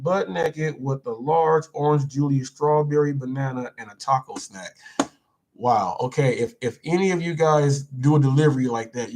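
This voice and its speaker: A man hosting a live show, reading viewer comments aloud and chatting in a playful, repetitive, animated way. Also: mid-range voice. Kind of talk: casual live-stream chat.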